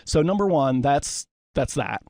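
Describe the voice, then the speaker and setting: Man, casual chat host, animated storyteller, dry close sound. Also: medium pitch, unhurried, gravelly, no echo. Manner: animated storytelling, frequent fillers. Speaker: podcast host.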